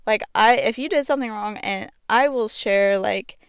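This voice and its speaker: A woman's voice: mid-range voice, normal speed, smooth, no room sound, clean studio sound. A young woman hosting a podcast, chatting casually and filling her talk with "like". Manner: chatty, fills speech with "like". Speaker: podcast host. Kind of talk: casual chat.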